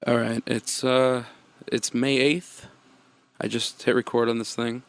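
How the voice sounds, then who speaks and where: A man's voice: medium pitch, flat delivery, measured pace, clear, resonant tone, no room sound. A man hosting a casual podcast chat in a laid-back way, trying to steer the talk. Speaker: podcast host.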